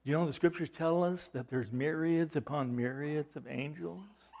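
A man preaching a sermon, asking the congregation rhetorical questions and swinging from loud emphasis to hushed, low delivery. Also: normal speed, gravelly. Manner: repeats words and restarts, rhetorical questions. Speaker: pastor.

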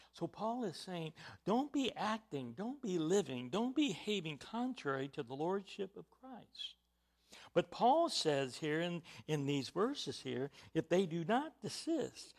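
A man with a high voice preaches a sermon at an unhurried pace. His delivery swings from hushed, nearly whispered phrases to loud, emphatic declarations. He stresses key words and puts questions to his listeners.

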